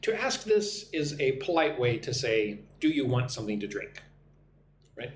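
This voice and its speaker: A man's voice: mid-range voice, big pitch swings, normal speed. A man from the United States hosting a live online English lesson, greeting viewers by name and drilling phrases for them to repeat. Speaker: English teacher and live stream host. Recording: echoey room, faint hum.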